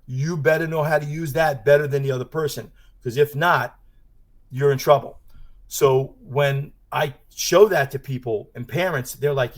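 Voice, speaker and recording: A male martial arts instructor talks through his ideas in a relaxed interview. His voice sits at an ordinary middle pitch, and he rambles warmly from story to story with plenty of fillers. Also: moderate pace. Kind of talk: casual interview conversation.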